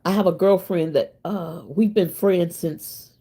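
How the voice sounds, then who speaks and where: Woman, fifties, low-pitched, husky voice, casual chat to viewers, laughs a lot. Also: a little slow, dark tone. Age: 50s. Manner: chatty, laughs often, talks straight to viewers. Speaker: channel host.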